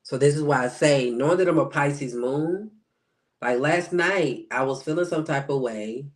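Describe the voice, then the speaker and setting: A man's voice: on the high side, moderate pace. A man working as a spiritual life coach, talking casually about astrology on a live stream, answering viewers by name and acting out quoted reactions.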